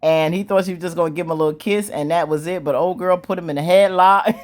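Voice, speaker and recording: A woman casually recapping a TV drama episode, animated and slangy, acting out the characters' lines. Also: on the low side, fast talker. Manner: animated, slangy storytelling with squealing acted-out quotes and laughs. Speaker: show recap host.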